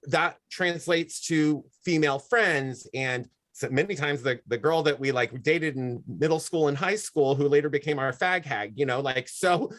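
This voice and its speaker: A man as a guest in a casual interview, talking in long, animated, reflective stretches. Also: a little high, normal speed, hardly any pauses. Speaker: guest, wrestling manager and drag performer.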